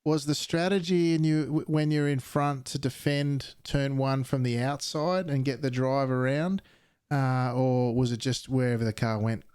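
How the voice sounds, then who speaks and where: Male race commentator, upbeat, mid pitch, dry booth sound. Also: steady tone, moderate pace, darkish tone, smooth, dry recording. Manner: upbeat, keeps saying "beautiful" and "mate". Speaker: sim racing commentator and interviewer. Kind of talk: post-race interview and commentary.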